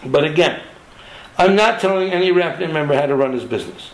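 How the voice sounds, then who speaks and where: A man's voice: fairly high pitch, a little fast, roomy sound, poor audio. A man who runs a diamond trading network, making an impassioned, emphatic appeal to its members to stay honest.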